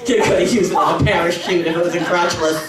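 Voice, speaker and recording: A middle-aged woman performing a brash stand-up comedy routine, now and then breaking into shrill squealing voices for her relatives. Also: steady tone, fast talker, far from the mic. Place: comedy club. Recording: echoey club room, mic heard from afar, audience laughter. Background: crowd laughing.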